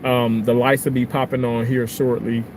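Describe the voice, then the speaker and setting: A man's voice: mid-range voice, little pitch movement, moderate pace, darkish tone, a little hiss or hum, low-quality recording. A man chatting casually on a live stream from his car, loose and profane, reading viewer comments aloud. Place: outdoors in a car, evening.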